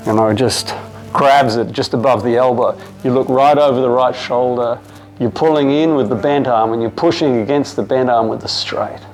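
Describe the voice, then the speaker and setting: An Australian man leads a yoga class in a calm, steady voice of middle pitch. He talks the students through each pose with relaxed, casual asides, while soft music plays faintly behind him. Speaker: yoga teacher. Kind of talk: guided yoga class instruction. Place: yoga studio.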